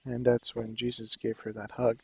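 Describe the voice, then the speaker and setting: A man's voice: mid-range voice, monotone, normal speed, vocal fry, background noise. A young man casually telling a personal story on a vlog, rambling and often losing his train of thought. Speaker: vlogger.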